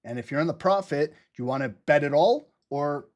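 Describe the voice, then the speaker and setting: Hype trading-stream host, a man with a slightly high voice, quick, loose and profane. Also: muffled recording. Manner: excited, fast-talking, laughs often, swears casually. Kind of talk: live trading commentary.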